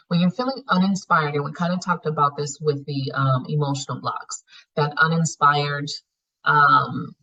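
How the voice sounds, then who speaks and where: A woman's voice: low-pitched, fairly bright tone. A woman leading a healing class in a frank, conversational way, swearing casually and acting out people's inner thoughts. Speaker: spiritual healing class facilitator. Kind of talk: casual teaching talk. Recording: muffled lo-fi class recording.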